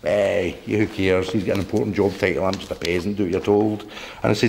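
A man with a low, gravelly voice speaks to a local meeting, blunt and combative. He swears freely and keeps checking in with "right?" as he drives each point home. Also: fairly even intonation, fast talker, a little mellow. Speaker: campaign speaker. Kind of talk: public talk to a local group. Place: meeting room.

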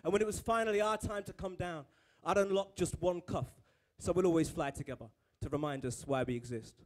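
A man's voice: on the high side, fairly quick. A man performing poetry live, joking and swearing with the crowd before a lyrical recital. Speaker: performance poet. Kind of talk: live poetry reading with stage banter. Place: live venue on stage.

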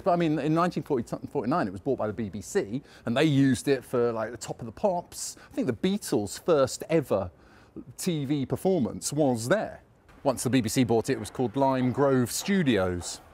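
A man's voice: mid-range voice, expressive, a little fast, darkish tone. A man with an English accent guiding a casual walking tour, rambling and chatty with a self-mocking streak, recorded outdoors on a city street. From England.

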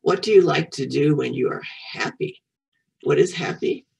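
A woman's voice: sits low, gravelly, a little mellow, breathy edge, distant mic, rough recording. Woman reading a storybook to a child, encouraging, repeats words, picked up from across the room. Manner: slow, patient and encouraging, repeats each word for the child. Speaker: children's storyteller and French teacher. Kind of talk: reading a picture book aloud to a child, teaching French words.

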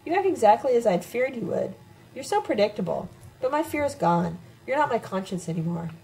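A woman's voice: on the high side, very animated, brisk, vocal fry, warm tone, slight background noise, voice pushed up, poor audio. A woman reading the lines of a brash, teasing older woman in an audiobook, with playful jabs.

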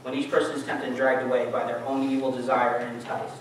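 A man's voice: mid-range voice, flat delivery, fast. A man preaching a casual, conversational sermon in a church, asking the congregation questions. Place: church hall. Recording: echoey church hall, mic from far off.

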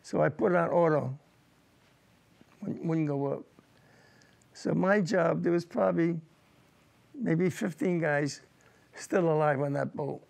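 Gravelly older veteran recalling war. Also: male voice, fairly high pitch, a little mellow. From United States. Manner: emotional, halting recollection with repeated words. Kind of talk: personal war testimony.

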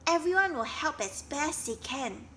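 A woman's voice: high voice, expressive, measured pace, a bit bright, slight background noise, pitched above the performer's own voice, exaggerated voice. A woman voicing Gaw, a confident young male animal in a storybook.

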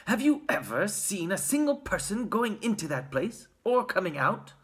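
A storybook reader voicing Grandpa Joe, a kindly old grandfather who tells secrets in hushed, conspiratorial tones. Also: mid-range voice, very animated, normal speed, pitched above the performer's own voice, natural voice. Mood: telling.

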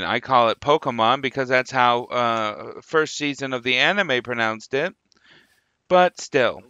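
A man's voice: medium pitch, pushed and bright, no echo, lo-fi sound. A man hosting a gaming video, chatting casually and musing aloud with jokey asides as he plays. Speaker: gaming channel host. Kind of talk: casual gameplay commentary.

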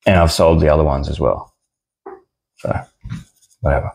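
A man's voice: a bass voice, fairly even intonation, moderate pace, vocal fry, a little mellow. A young Australian man ranting casually about an online argument, blunt and sweary. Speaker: card seller and channel host.

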